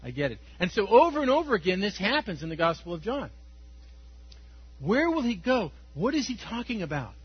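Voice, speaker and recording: Husky high-voiced pastor preaching. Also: male voice, fairly quick, no room sound, highs cut off. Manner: animated, laughs often, swings between loud emphasis and quiet intensity. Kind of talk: sermon.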